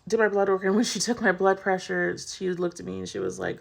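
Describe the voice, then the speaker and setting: A woman's voice: mid-range voice, steady tone, a little fast, vocal fry. A woman vlogger candidly telling a personal story in a casual, chatty way, full of "like".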